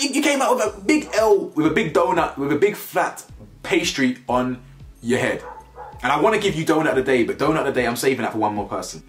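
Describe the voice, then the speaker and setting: Lively man ranting, laughing. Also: fairly high pitch, echoey room. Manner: animated, slangy, laughs often, repeats words. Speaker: TV review vlogger. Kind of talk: casual reaction commentary.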